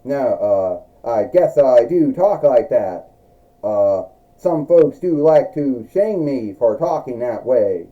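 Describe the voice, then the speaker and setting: Brief: a man playing a proud starship captain wrestler, halting delivery, slow, lo-fi. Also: medium pitch, animated. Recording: dull lo-fi recording.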